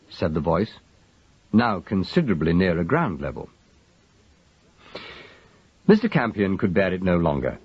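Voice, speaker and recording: A man narrating a mystery story in an expressive, measured way, with a husky voice, on a dull lo-fi recording. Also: deep voice, no echo. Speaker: audiobook narrator.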